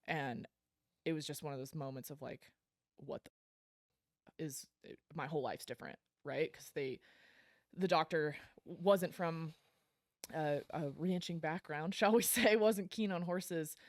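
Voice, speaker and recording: A woman's voice: deep voice, steady tone, measured pace, pauses often, dry recording. A woman guest on a podcast, telling her story in a blunt, frank way, swearing casually and laughing between lines. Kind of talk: candid storytelling interview.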